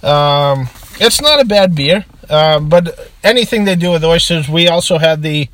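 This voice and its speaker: A man's voice: a little high, lively intonation, measured pace, fairly bright tone, no echo. A man from Massachusetts with a Boston accent, co-hosting a casual beer podcast and reading sponsor segments. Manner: chatty, reads ad segments. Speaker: podcast co-host. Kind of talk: casual chat.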